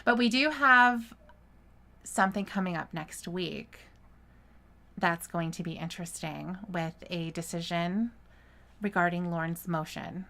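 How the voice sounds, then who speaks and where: A woman's voice: fairly low pitch, unhurried, creaky, bright, forceful tone. A woman co-hosting a live podcast stream, chatting casually and laughing often in a teasing way. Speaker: podcast co-host.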